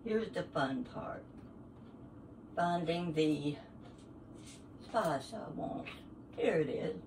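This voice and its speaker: An older woman talks slowly and easily through a recipe in her home kitchen, chatty and homespun. Her voice sits a bit back from the microphone, with faint clinks of dishes and utensils around her. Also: low-pitched, expressive, distant mic, background noise. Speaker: cooking show host. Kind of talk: casual cooking demonstration. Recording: kitchen sounds, voice somewhat off-mic.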